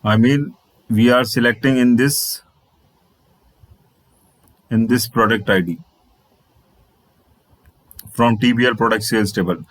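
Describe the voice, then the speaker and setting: A man's voice: medium pitch, a little slow, long pauses, a bit bright, no echo, rough recording. Man teaching code, repeating himself. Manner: repetitive, restates phrases, spells out letters. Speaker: programming instructor. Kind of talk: screen-share coding tutorial.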